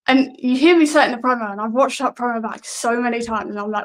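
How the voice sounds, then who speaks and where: Woman, wrestler guest, hesitant, self-deprecating, slightly high voice. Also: quick pace, hardly any pauses, fairly bright tone, low-quality recording. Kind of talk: casual interview answers.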